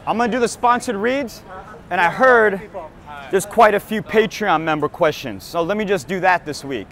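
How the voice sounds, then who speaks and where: A man's voice: high voice, expressive, normal speed, fairly bright tone. A hungover man hosting a crude comedy podcast on a city street at night, talking in a loose, brash, joking way. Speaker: podcast host. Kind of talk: crude casual comedy chat. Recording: outdoor street with faint traffic.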